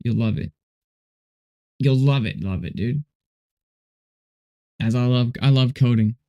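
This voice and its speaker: A man's voice: medium pitch, a little slow, dark tone, lo-fi sound. A man hosting a casual livestream while coding, rambling and laid-back, often saying "dude" and "you know". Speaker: livestream host.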